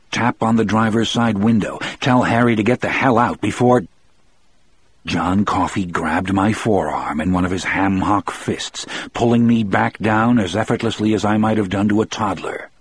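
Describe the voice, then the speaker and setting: Husky, low-voiced male audiobook narrator. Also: no room sound. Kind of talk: first-person audiobook narration.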